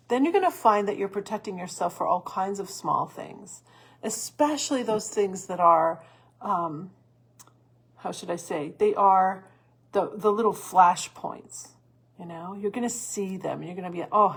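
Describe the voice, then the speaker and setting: A woman host giving earnest coaching advice in a solo talk, with restarts and soft laughs. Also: mid-range voice, breathy edge. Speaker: stress coach and podcast host.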